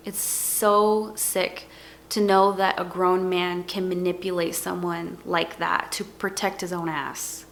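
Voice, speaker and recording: A woman's voice: mid-range voice, fairly bright tone. A young adult woman speaking earnestly in a personal testimony vlog, leaning on repeated words for emphasis. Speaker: vlogger.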